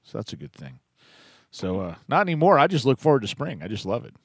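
Male radio host, lively pitch, laughs easily, dry close mic. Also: fast, breathy edge, dry recording. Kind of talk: call-in radio hosting.

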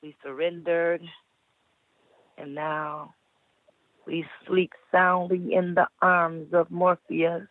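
Slow, sensual woman caller on a phone line. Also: lowish voice, flat delivery, no room sound. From Cleveland, Ohio. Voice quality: put-on old lady voice. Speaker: caller reading a poem. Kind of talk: slow sensual poetry reading. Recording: tinny phone line, dry.

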